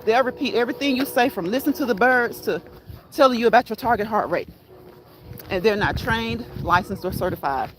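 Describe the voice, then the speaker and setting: Walking outdoors with her phone in hand, a woman hosts a casual walk-and-talk fitness livestream, chatting with her live chat and laughing often. Her fairly high voice is expressive and a little fast, but the phone audio is poor, with loud background noise.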